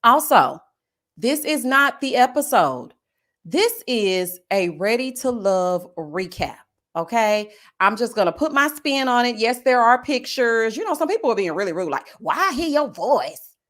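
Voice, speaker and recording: A woman's voice: a little high, unhurried. Sassy woman reviewing reality TV. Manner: sassy and animated, calls viewers honey and child. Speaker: YouTube reality-show reviewer. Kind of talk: casual live-stream commentary.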